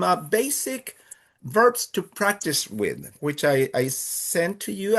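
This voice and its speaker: Slow, lively-voiced teacher. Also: male voice, sits high. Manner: slow, patient, many fillers and check-ins. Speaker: Spanish teacher. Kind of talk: online class instruction.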